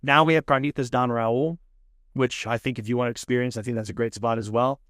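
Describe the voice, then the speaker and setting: A man's voice: mid-range voice, fairly even intonation, brisk, fairly bright tone, no echo, clean studio sound. A man guesting on a podcast, talking casually and with enthusiasm, saying "man" and "dude" a lot. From California. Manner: laid-back, enthusiastic, says "man" and "dude" often. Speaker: podcast guest, food show host. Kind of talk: casual chat. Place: podcast studio.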